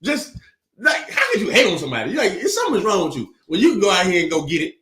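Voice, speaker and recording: Emphatic male preacher, high and very animated, slangy delivery. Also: fast. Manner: emphatic, slangy, repeats words. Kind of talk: sermon teaching. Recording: echoey room.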